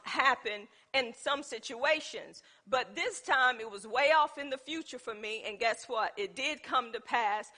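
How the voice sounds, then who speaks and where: A woman with a high-pitched, sharp-toned voice leads a casual Bible teaching. She asks her listeners questions and uses her own life stories as examples.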